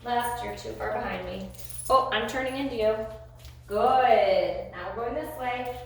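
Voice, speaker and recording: A woman's voice: on the high side, a little slow, creaky. Echoey woman dog trainer praising. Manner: frequent short praise to the dog between explanations. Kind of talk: live dog-training commentary. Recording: very echoey with faint noise.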